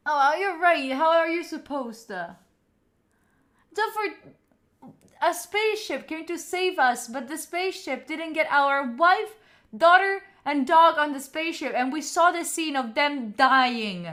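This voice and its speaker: A young woman streaming a game, reacting excitedly, repeating words in bursts, swearing and talking to her chat. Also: sits high, a little slow. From Italy. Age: young adult. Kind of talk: live gameplay reactions. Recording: clear background noise.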